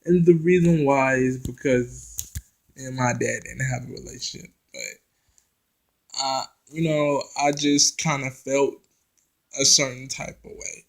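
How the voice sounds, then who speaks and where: A man casually recapping a reality TV episode, talking straight to his viewers and tripping over his words when he gets excited. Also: medium pitch, unhurried, creaky, rough recording. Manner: chatty, addresses viewers directly, restarts and stumbles when excited.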